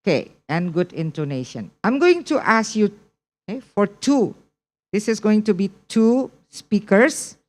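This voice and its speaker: A woman instructor giving an English test preparation lesson, speaking deliberately and checking in with her listeners often. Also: medium pitch, big pitch swings, a little mellow. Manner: slow, deliberate teaching with repeated check-ins.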